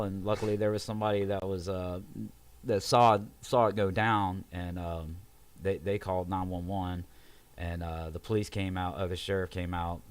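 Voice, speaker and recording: A man telling a long personal story in casual chat, animated and swearing freely. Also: low voice, smooth. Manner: animated, swearing, acts out quotes in raised voices. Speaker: podcast guest.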